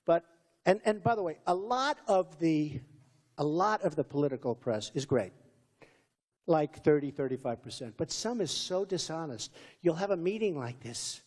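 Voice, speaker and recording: A man's voice: fairly high pitch, expressive, moderate pace, a little mellow, in a large hall. Boastful rambling man at a rally. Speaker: political candidate. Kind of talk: campaign rally speech. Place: campaign rally venue.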